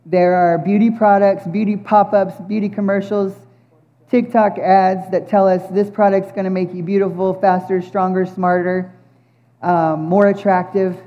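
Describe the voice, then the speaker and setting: A middle-aged woman speaking at a church service, giving an earnest, heartfelt sermon and reciting scripture, with many pauses and fillers. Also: mid-range voice, steady tone. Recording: muffled recording with faint band music.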